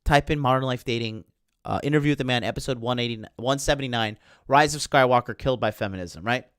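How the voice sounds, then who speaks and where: A man hosts a livestream and rants into the mic in a heated, rambling stream full of swearing. His voice is smooth and mid-pitched, with a dry sound and no room echo. He sounds sleepless late at night. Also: fast talker, a bit bright. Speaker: podcast host. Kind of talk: ranting livestream monologue.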